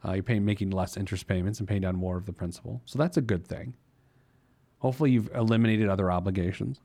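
With a fast delivery and a dark tone, this man speaks on the low side. He's a podcast host giving money advice, rambling playfully and joking, and often laughs at himself.

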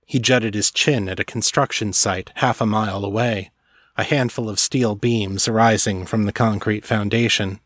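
Male narrator, low and measured, dramatic fantasy reading, dry booth sound. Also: fairly even intonation, fairly bright tone, dry recording. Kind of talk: scripted narration.

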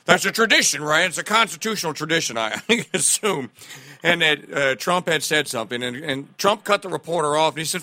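A man hosting a political talk radio show, animated and sarcastic, often laughing at the news he reads out. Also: fairly high pitch, fairly quick, dry recording.

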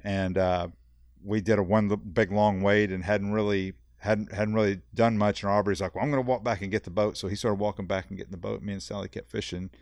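A man, a fishing guide, telling a long story on a podcast in a rambling, animated way, full of fillers and repeats. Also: on the low side, brisk, no room sound. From South Texas. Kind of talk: casual storytelling.

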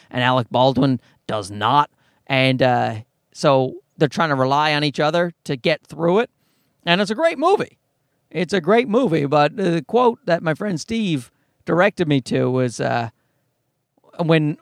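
A man's voice: on the high side, no echo, studio quality. A man in his thirties, a comedian and podcast host, rambling and swearing through a casual comic monologue. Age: 30s. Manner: rambling, profane, animated. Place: parking garage.

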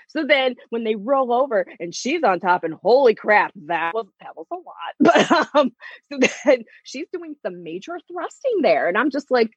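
A woman chatting casually about a TV series, laughing often and acting out lines in playful voices. Her pitch swings widely and her voice has a slight huskiness. The recording sounds dry and somewhat dull. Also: moderate pace, husky, no echo. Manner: animated, laughs often, acts out quotes in voices. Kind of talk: casual chat reviewing a TV series.

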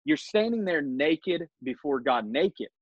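A man's voice: fairly high pitch, expressive, measured pace, no room sound, muffled recording. A man hosting a podcast who leads a Bible study conversation, reading scripture aloud and making his points with earnest emphasis. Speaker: podcast host.

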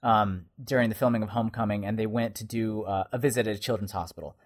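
A man's voice: on the low side, fairly even intonation, fast. A man co-hosting a casual chat, talking in long rambling stretches with many restarts and fillers. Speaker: podcast co-host, Spider-Man performer and suit builder.

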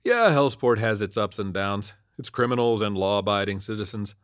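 Male horror narrator, deadpan, lowish voice, dry close sound. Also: normal speed, no room sound. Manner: deadpan, matter-of-fact. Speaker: storyteller. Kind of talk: scripted first-person horror narration.

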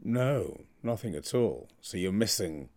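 Amused man, lively tone. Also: on the low side, a little slow. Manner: responsive, encouraging, amused listener. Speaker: podcast co-host. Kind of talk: casual chat.

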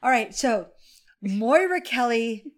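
A woman's voice: on the high side, expressive, slow pace. A tipsy woman in casual chat, telling a story with animation, laughing often and acting out lines from a movie.

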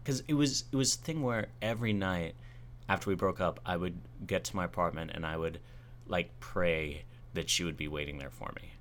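A man with a very deep voice tells a story from his own life in casual conversation. His tone is bright and forceful, and he retells things in an animated, self-mocking way. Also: moderate pace, slight background noise.

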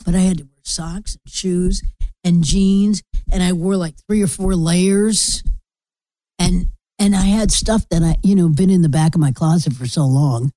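A woman's voice: fairly low pitch, steady tone, a little slow, dark tone, no echo. A middle-aged woman hosting her own podcast, telling rambling, blunt and sometimes profane stories in a casual monologue. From Florida resident. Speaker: podcast host.

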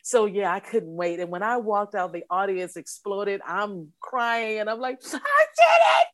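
A woman's voice: medium pitch, moderate pace, dry recording. A woman in her sixties, an interview guest, who tells her story with animation and acts out the voices she quotes. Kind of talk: storytelling in conversation.

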